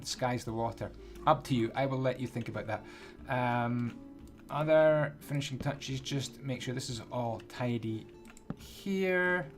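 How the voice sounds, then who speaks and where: Chatty man narrating a block build. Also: medium pitch. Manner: chatty, playful, counts blocks aloud. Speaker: Minecraft builder and tutorial host. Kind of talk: casual build tutorial commentary. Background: background music.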